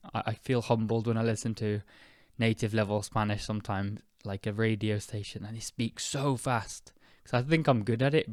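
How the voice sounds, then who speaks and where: A young British man hosting an English-learning podcast, speaking slowly and clearly in a chatty, relaxed way with fillers. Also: lowish voice, no echo, clean studio sound. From United Kingdom. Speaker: podcast host and English teacher. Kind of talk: casual spoken lesson.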